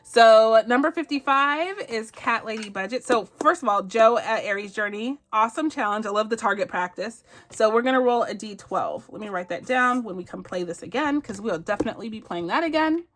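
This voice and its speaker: A woman's voice: a little high, expressive, fairly quick, hardly any pauses, fairly bright tone, a little hiss or hum. A bubbly woman hosting a budgeting vlog, gushing and giggling as she plays savings challenges and says y'all. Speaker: budgeting channel host. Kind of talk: casual chat reviewing savings challenges.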